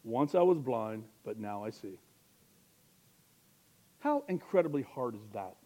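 Man, pastor, sermon, conversational, rhetorical questions, self-deprecating humor, mid-pitched voice. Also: animated, a little slow, dark tone.

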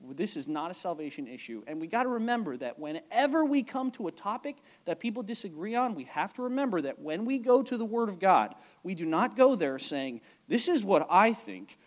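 Male pastor, high and animated, chatty sermon delivery with frequent check-ins.

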